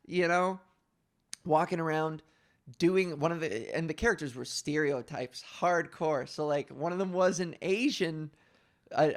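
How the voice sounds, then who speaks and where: A young adult podcast host and comedian telling a story in casual chat, swearing freely and rambling. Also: medium pitch. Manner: profane, rambling, drops into quick put-on voices.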